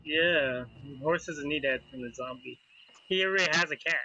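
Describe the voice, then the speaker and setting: A man's voice: fairly high pitch, moderate pace, bright, forceful tone, highs cut off, soft background music. A man playing a tabletop game, joking and irreverent in casual banter. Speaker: player.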